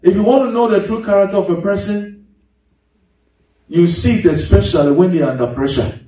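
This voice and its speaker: A man preaching a sermon as pastor, swinging his pitch sharply and mimicking congregants. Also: fairly quick, mellow. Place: large church hall. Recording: echoey hall, mic at a distance.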